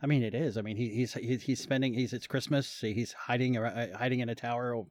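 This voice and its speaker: A man's voice: mid-range voice, steady tone, quick pace. A man chatting casually with a friend about a movie, joking and rambling, often restarting his sentences. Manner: joking, rambling, self-interrupting. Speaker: podcast co-host watching a movie. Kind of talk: casual chat.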